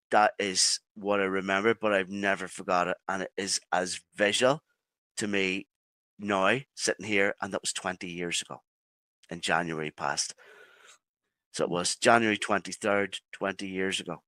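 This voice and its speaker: A man with an Irish accent, a podcast guest telling a personal story in halting phrases with many restarts. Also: sits low, fairly even intonation, sharp tone, no echo. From Ireland.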